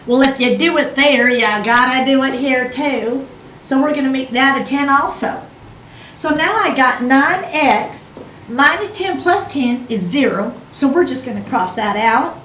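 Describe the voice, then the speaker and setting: A woman's voice: on the high side, echoey room, far from the mic, slight background noise, natural voice, low-quality recording. A woman voicing a chatty math teacher from Georgia with a put-on Southern accent. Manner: folksy, drawling, chatty.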